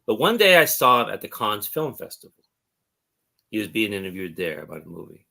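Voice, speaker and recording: A man's voice: fairly low pitch, sing-song, brisk, creaky, bright, forceful tone. A man from Texas, chatting as a guest on a livestream and rambling through stories. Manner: rambling, storytelling. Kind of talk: casual chat.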